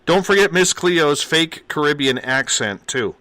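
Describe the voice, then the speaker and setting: A man's voice: fairly high pitch, animated, a little slow, bright, forceful tone, dry recording. A man hosting a late-night call-in radio show, greeting callers in an upbeat, friendly way.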